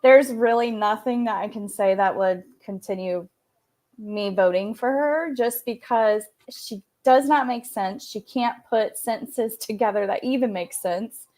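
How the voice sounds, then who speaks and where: A woman with a slightly high voice speaks plainly in a casual political chat. She gives short, blunt opinions without dressing them up. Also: measured pace, a little mellow.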